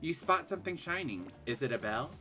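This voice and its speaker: A woman gaming streamer reads game text aloud and reacts loudly, laughing and shrieking at each surprise. Her pitch jumps around a lot and her voice is bright and forceful. Game music plays faintly behind. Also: very animated, a little fast. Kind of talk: let's-play commentary, reading game text aloud.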